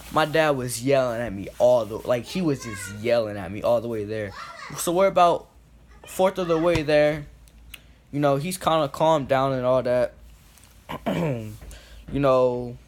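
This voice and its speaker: A young man telling a casual story, rambling with lots of "like" and "boom", getting loud and then quiet as he acts out scenes. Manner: swings from loud to quiet when acting out scenes.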